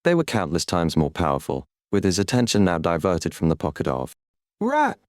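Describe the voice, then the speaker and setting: Brief: low-voiced man, smooth and animated narration, dry studio sound. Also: brisk, no echo. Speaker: audiobook narrator. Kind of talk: scripted narration.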